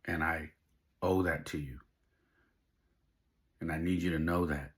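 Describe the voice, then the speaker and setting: A rumbling low voice carries this middle-aged podcast host's personal story, delivered a little slowly with fairly even intonation. He tells it in an emotional, heartfelt way rooted in faith.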